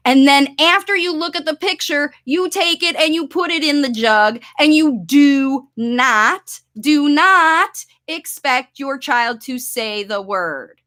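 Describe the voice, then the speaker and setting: A woman coaching parents in an instructional video, talking them through a play demonstration and acting out excited voices for a child. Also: high-pitched, slow pace, hardly any pauses.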